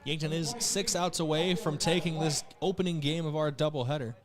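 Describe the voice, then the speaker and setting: Man calling a baseball game pitch by pitch. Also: steady tone, a crowd in the background. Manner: brisk pitch-by-pitch calling with quick self-corrections. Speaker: play-by-play announcer. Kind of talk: live radio and TV baseball commentary. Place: press box behind a window.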